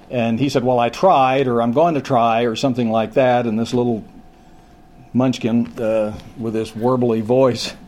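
An older man preaching a conversational sermon as pastor, folksy and halting, with frequent restarts and a slowing, emphatic delivery on key points. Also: medium pitch, darkish tone.

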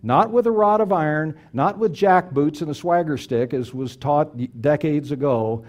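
Middle-aged male preacher, mellow voice, emphatic delivery. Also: fairly high pitch, normal speed. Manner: earnest, emphatic, repeats key phrases. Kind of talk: sermon.

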